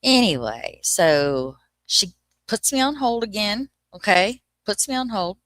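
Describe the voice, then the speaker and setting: A woman's voice: medium pitch, sing-song, a little slow, fairly bright tone, dry recording. A woman chatting casually to viewers on a livestream, ranting and swearing freely, sometimes dropping to a whisper. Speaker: livestream host.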